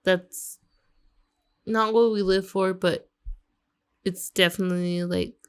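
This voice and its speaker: A woman's voice: fairly low pitch, fairly even intonation, slow pace, smooth. Tipsy hiccuping woman podcast co-host. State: drunk with hiccups. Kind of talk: casual drinking chat.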